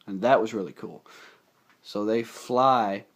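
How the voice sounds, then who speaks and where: Guy rambling thru a movie recap, lowish voice, sounds a little under the weather. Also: slow. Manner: rambling, excitable, quotes movie lines in put-on voices. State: unwell, slightly rough voice. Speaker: movie reviewer. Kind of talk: casual spoken film recap.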